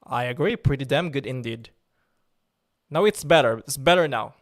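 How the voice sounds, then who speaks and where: A man's voice: medium pitch, moderate pace. A man hosting a livestream, talking casually, irritable at first, then joking as he answers viewer chat. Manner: irritable, then forces himself calm and joking. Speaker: livestream host.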